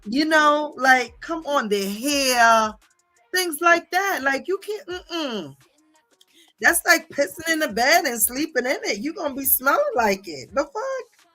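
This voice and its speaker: A woman livestreamer rants in a bright, forceful voice that sits a little high. She curses freely and drives her points home with repeated "okay?" tags. Faint music plays underneath. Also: expressive, unhurried. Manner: profane, confrontational, repeats "okay?" and "bitch". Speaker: livestream host. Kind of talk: heated livestream rant reading viewer comments.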